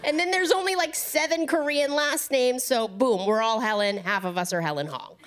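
A Korean American woman doing a stand-up comedy set, telling stories in a wry, deadpan way. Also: high-pitched, moderate pace. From United States.

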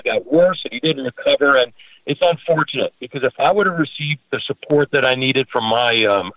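A man's voice: mid-range voice, fairly bright tone, no echo, lo-fi sound. A man with a mid-range voice speaks earnestly as a podcast guest, often restarting his sentences. The recording is dry, with no room sound. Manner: earnest, halting with many restarts and fillers. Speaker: podcast host and home care business owner. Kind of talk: conversational guest talk.

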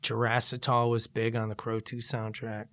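A middle-aged man, a rock musician, talking casually in an interview, animated and profane. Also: mid-range voice, normal speed, dry recording. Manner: animated, profane, jumps into loud mock voices.

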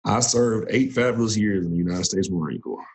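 A man in his thirties, a former Marine turned coach, telling his story in a relaxed, casual way with frequent laughs. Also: on the low side, fairly quick. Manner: relaxed, laughs often, restarts sentences.

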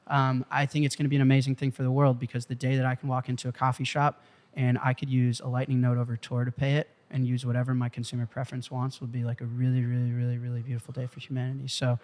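A young man, a startup founder being interviewed, telling a story in an animated way and swearing freely. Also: mid-range voice, fast talker. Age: young adult. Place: studio in Malibu.

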